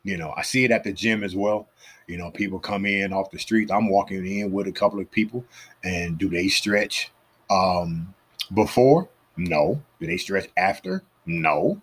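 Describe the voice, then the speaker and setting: A man's voice: low voice, moderate pace, husky. A man hosting a podcast, giving fitness advice in a casual storytelling monologue and acting out the people he quotes. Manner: animated, acts out the people he quotes.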